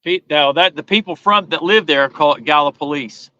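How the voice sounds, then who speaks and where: A man's voice: fairly high pitch, moderate pace, sharp tone, dry recording, lo-fi sound. A man chatting casually about fishing, laid-back and explaining things plainly. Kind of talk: casual chat on a fishing livestream.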